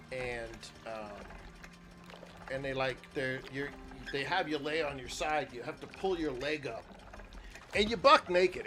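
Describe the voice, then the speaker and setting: A man's voice: mid-range voice, slight background noise. Profane storytelling middle-aged man. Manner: profane storytelling, loud when excited. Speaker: gaming streamer. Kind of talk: casual chat while gaming.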